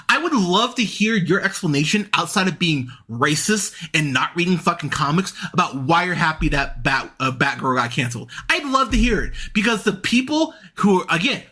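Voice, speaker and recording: A podcast host in full rant, cursing freely and sounding fed up. His voice sits high and sharp, cutting through with a bright, forceful edge. He slips into mocking voices now and then to sneer at his opponents. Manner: heated, profane, exasperated ranting with sarcastic mock voices. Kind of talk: ranting podcast commentary.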